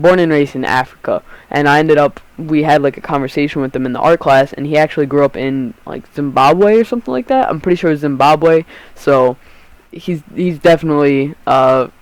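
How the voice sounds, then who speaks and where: Teen guy rambling thru a sweary story, kinda high voice, dry close sound. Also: clear, resonant tone, no room sound, rough recording. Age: teens. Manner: rambling, profane, self-interrupting. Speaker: YouTube storyteller. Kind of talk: casual storytime vlog.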